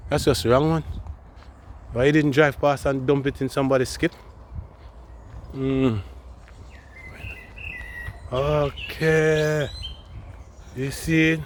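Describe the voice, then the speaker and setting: A man talks slowly and easily to his viewers while out on a woodland walk. He records on a phone as he goes, in a casual vlog style with open outdoor air around him. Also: medium pitch, fairly even intonation, a little hiss or hum. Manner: laid-back, talks to viewers while walking. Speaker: vlogger.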